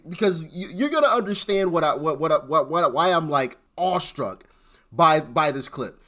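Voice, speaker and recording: A man's voice: on the high side, expressive, unhurried, fairly bright tone. A man hosting political commentary, speaking emphatically and often stuttering over repeated words. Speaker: host.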